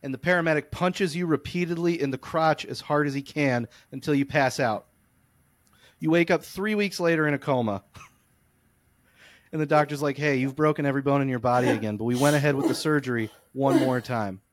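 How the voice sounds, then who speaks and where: A man's voice: mid-range voice, fairly quick, no echo. A young man co-hosting a podcast, telling a long comic story and ranting in casual chat. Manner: animated, comic storytelling, rants. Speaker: podcast co-host.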